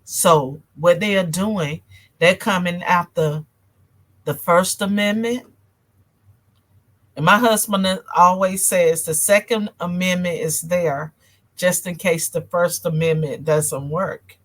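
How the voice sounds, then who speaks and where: A woman's voice: lowish voice, steady tone, takes it slowly, fairly bright tone. Chatty Southern woman with a country twang. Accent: North Carolina country twang. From North Carolina. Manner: chatty, addresses viewers as y'all, reads comments. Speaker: show host. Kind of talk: casual political talk livestream.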